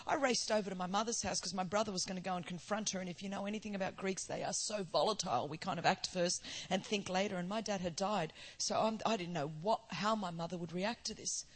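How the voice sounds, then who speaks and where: A woman's voice: medium pitch, fast, hardly any pauses. An Australian woman in her forties stands before a church and tells her own story as a sermon. She moves from plain storytelling to ringing, emphatic declarations, with a preacher's sense of rhythm. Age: 40s. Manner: storytelling, rising to emphatic proclamation. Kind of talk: sermon testimony.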